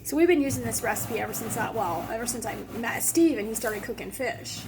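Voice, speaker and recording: A middle-aged woman with a slightly high voice hosts a cooking demo in her home kitchen, chatting and rambling off on asides. Clear kitchen noise sits behind her. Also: expressive, fairly quick. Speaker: home cooking show host. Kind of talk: casual cooking demonstration.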